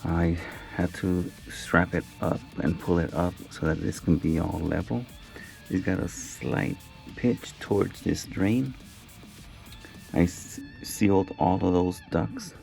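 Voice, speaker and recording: Gravelly low hvac guy filming himself at a job, chatty, little music behind. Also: fairly even intonation, slow, darkish tone. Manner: chatty, wry, talking to the camera while working. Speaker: HVAC technician. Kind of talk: casual on-the-job vlog. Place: residential job site.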